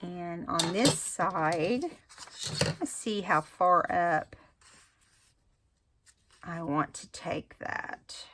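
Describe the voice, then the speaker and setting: Woman chatting thru her collage project, low voice, takes her time. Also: extremely slow, long pauses, a bit bright, a little hiss or hum. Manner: chatty, thinks aloud while working. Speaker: craft vlogger. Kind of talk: casual craft tutorial talk.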